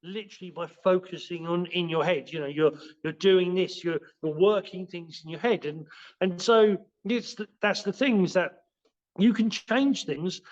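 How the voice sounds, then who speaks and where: A man's voice: high-pitched, dull audio. A man, a martial arts teacher, explaining his practice in a rambling way, full of fillers and restarts, as a podcast guest. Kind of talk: casual spoken explanation in a podcast interview.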